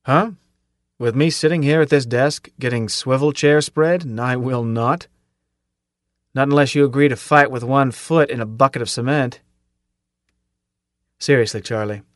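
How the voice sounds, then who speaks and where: A man voicing a gruff army captain who barks clipped orders. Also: mid-range voice, measured pace, long pauses, no room sound, clean studio sound, lightly acted. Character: gruff barking army captain, commanding officer.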